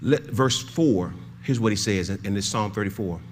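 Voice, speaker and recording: An older man preaching a sermon as pastor, swinging from shouted pleading to hushed, low emphasis. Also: moderate pace, slight background noise.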